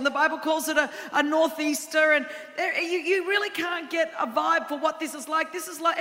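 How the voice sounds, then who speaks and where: Woman, preacher, high-pitched, bright, humorous sermon, long hall reverb. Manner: humorous, animated storytelling with asides.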